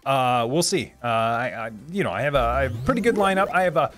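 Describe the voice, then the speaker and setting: A man's voice: medium pitch, lively intonation, fast talker, fairly bright tone, faint music behind. A man in his thirties hosting a casual live stream, reading viewer comments aloud, chatty, laughing often and repeating words as he restarts sentences.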